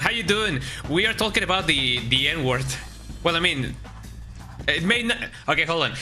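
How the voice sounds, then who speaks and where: A male streamer chats casually over his gameplay, rambling and restarting his sentences, often tagging them with a quick "eh?". His voice is strikingly bright and forceful, and faint game music plays underneath. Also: a little high. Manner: rambling, tags remarks with "eh?". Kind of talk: casual live-stream chat while gaming.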